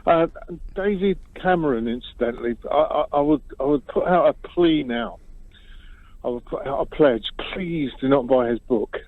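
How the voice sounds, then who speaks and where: A man's voice: fairly high pitch, moderate pace, no room sound. A man calling a radio phone-in, talking in a hesitant, rambling way. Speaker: caller. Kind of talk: phone-in call. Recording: phone line.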